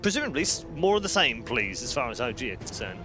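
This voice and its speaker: A man's voice: mid-range voice, sing-song, fast talker, sharp tone, faint music behind. A man from the UK, hosting an esports panel in a chatty, teasing way. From United Kingdom. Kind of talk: casual panel chat.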